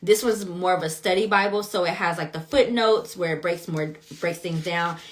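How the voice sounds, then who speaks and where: A young adult woman talking casually in a Bible study vlog, animated and chatty, reacting with laughs as she reads. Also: lowish voice, moderate pace. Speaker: vlogger reading scripture.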